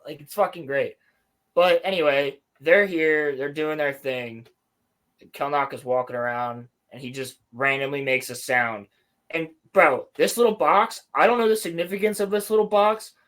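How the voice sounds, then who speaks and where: Young male podcast co-host, high-pitched, profane and mocking in casual recap chat. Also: moderate pace, a bit bright.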